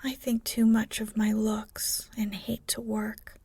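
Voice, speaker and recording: Whispered role-play of an earnest teenage girl, the eldest sister, voiced by a woman. She speaks slowly in a breathy hush, close to the mic and dry. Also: a little high, completely flat delivery, no room sound, heavily acted.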